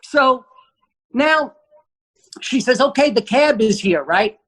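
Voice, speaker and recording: A man, a guest comedian telling an animated, profane story and acting out the quotes. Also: very high voice, slow, low-quality recording.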